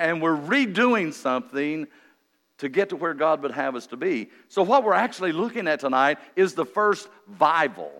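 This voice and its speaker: Revival preacher, man, higher voice, jokey and folksy, big swings in loudness, long church-hall reverb. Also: very animated, a little slow. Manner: folksy and joking, swinging from quiet to loud and emphatic. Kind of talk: revival sermon. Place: church sanctuary during an evening meeting.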